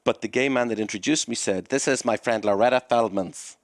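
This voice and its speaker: A man's voice: mid-range voice, a little fast, no room sound, clean studio sound. A man who runs a comedy club, a podcast guest telling long, rambling anecdotes and acting out the dialogue in them. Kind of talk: conversational storytelling.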